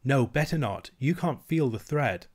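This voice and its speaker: A man's voice: mid-range voice, animated, unhurried. A man reading aloud and voicing a young princess girl who is earnest and insistent, speaking with a raised, eager voice.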